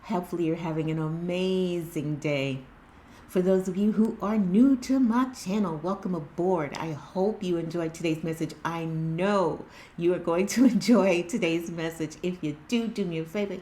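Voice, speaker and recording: A woman's voice: mid-range voice, a little mellow, a little hiss or hum. A woman hosting her own spiritual tarot channel, talking earnestly and casually with many fillers and restarts. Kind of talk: casual spiritual vlog chat. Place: indoors at home by natural light.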